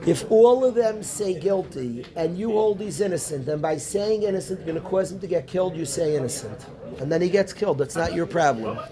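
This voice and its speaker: A man, a rabbi teaching a Talmud class, animated, calling on students by name and repeating his questions. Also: sits high. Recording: room noisy with student chatter.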